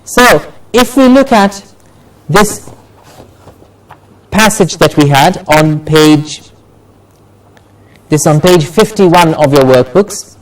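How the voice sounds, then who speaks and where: A male pronunciation teacher leading a class, modelling words slowly and carefully so students can repeat them. His voice sits a little high and his pace is unhurried and drawn out. He is picked up from a distance, away from the microphone. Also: expressive. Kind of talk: classroom lesson. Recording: voice from far off the mic.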